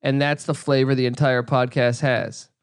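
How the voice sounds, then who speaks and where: A man hosting a solo sports podcast from home, ranting with heavy cursing, excitable bursts and a habit of repeating his own phrases. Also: medium pitch, normal speed, smooth, no room sound, clean studio sound. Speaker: podcast host.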